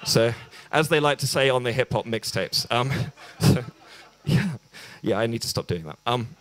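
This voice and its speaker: A man's voice: medium pitch, expressive, moderate pace, fairly bright tone. A young English man doing a stand-up set at an open mic, hesitant and self-deprecating, with lots of ums and restarts. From England. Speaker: stand-up comedian. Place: small bar venue.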